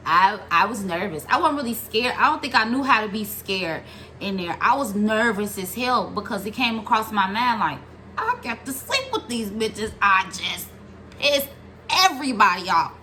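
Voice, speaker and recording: A young woman telling a story about her own past in a casual vlog, animated and profane, acting out other people's lines. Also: medium pitch, normal speed, a little hiss or hum.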